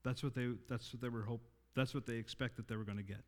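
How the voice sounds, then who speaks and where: A man preaching a sermon in an earnest way, rising louder and higher to stress his points and slowing on key lines. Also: steady tone. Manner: earnest, rises in pitch and volume for emphasis, slows on key lines. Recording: long reverb in a hall.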